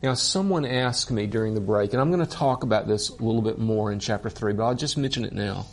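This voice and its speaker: A man teaching a Bible course in an earnest, deliberate way, openly moved by what he teaches. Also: fairly low pitch.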